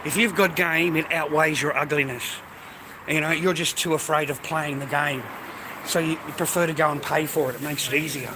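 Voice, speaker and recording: A man's voice: on the high side, steady tone, moderate pace, background noise. A man, rambling and swearing casually while vlogging outdoors by a food stall on a phone camera. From Australia. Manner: rambling, profane, blokey. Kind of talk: casual street vlog.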